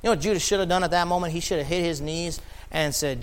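A man preaching a sermon, building from quiet explanation to impassioned, near-shouted emphasis. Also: fairly high pitch, quick pace, smooth.

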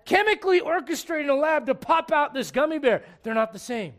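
A man preaching a sermon in church, humorous and animated, dropping to quiet asides and rising to shouts. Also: extremely high pitch, fairly quick. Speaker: pastor.

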